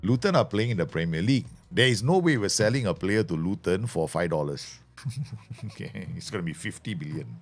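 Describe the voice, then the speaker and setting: A man's voice: low-pitched, animated, fairly quick. A man giving chatty, jokey live commentary as he streams a game.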